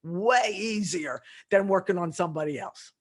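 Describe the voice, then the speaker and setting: Woman, middle-aged, consultant, podcast guest, animated storyteller. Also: fairly low pitch, moderate pace. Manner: animated storytelling with quoted dialogue. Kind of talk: podcast interview.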